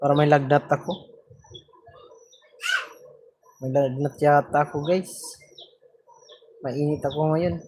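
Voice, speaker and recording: A man's voice: on the high side, fairly even intonation, measured pace, pauses often, noisy background. A man with a Filipino accent vlogging in a joking, playful way, switching between his own language and broken English. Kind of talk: casual chat to camera.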